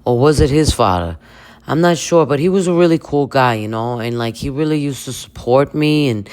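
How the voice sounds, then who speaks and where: A heartfelt young man stumbles through a personal story, full of pauses and fillers, as a woman acts him out. It is a low-key comedic parody. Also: animated, a little mellow. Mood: earnest. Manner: halting, earnest, full of fillers. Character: sincere young man remembering his grandfather.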